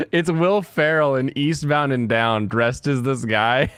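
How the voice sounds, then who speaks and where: A man's voice: medium pitch, takes it slowly, fairly bright tone, clear, resonant tone, no echo. A man hosting a casual online chat show, joking around and laughing often. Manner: jokey, laughs often, does silly voices. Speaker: host.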